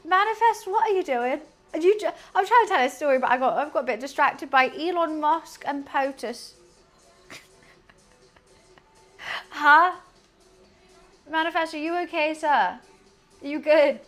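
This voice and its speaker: A young woman with a high voice chats away on a cooking stream from her kitchen. She is giggly and easily sidetracked, and soft music plays quietly behind her. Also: a little slow, long pauses. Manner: chatty, giggly, easily distracted. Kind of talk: casual live-stream cooking chat. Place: home kitchen.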